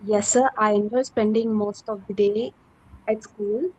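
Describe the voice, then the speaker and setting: A woman's voice: medium pitch, steady tone, a little slow, a little mellow, slightly rough. A woman teacher with an Indian English accent, answering politely and hesitantly, with many fillers, in an online speaking class. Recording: dull online call audio.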